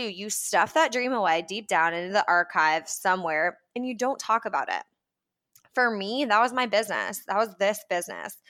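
A woman's voice: medium pitch, bright, forceful tone. A young woman hosting a podcast, talking casually and upbeat, acting out little quoted voices as she goes. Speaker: podcast host.

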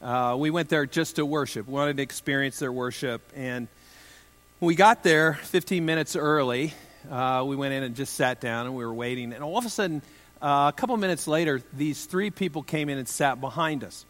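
A man's voice: medium pitch, normal speed, a bit bright. Man preaching with a long hall reverb. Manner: conversational and humorous, with self-deprecating asides. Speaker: pastor. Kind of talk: sermon.

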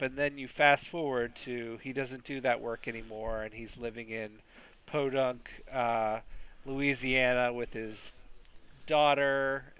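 A man co-hosting a podcast, recapping a movie plot in a slow, rambling way with many restarts. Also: mid-range voice, fairly bright tone, clean tone. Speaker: podcast co-host.

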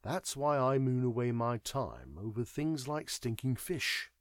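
A man's voice: mid-range voice, big pitch swings, a little slow, no echo, studio quality. A man doing a wry, world-weary man. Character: weary, knowing older man, detached and wry.

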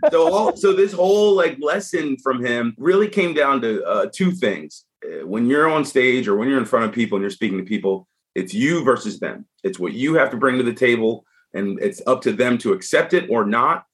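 A man speaks as a podcast guest in a mid-range voice, neither high nor low. He tells his story casually and with energy, and he often restarts his sentences as he goes. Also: normal speed, few pauses. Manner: animated, frank storyteller with frequent restarts.

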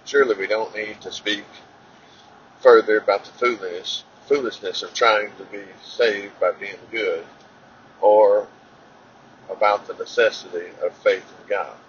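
Man reading scripture haltingly, lo-fi. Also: lowish voice, fairly even intonation, a little hiss or hum. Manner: halting, with fillers and self-corrections. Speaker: Bible reader. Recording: dull lo-fi recording.

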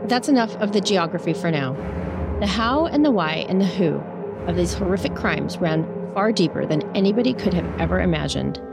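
A woman co-host reading a scripted podcast introduction in a measured, read-aloud way. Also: fairly low pitch, expressive, vocal fry. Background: loud intro music.

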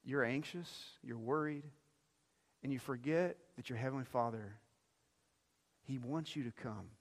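A man's voice: mid-range voice, unhurried. Preaching man in a reverberant hall. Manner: swings between quiet intimate phrases and loud emphatic ones; repeats words when building a point. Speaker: pastor. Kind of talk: sermon. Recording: long reverb of a large hall.

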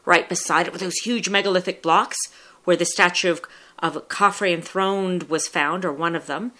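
A woman hosting a podcast, asking questions and explaining history in a lively, inquisitive way. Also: fairly low pitch, moderate pace. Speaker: podcast host. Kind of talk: casual interview and explanation.

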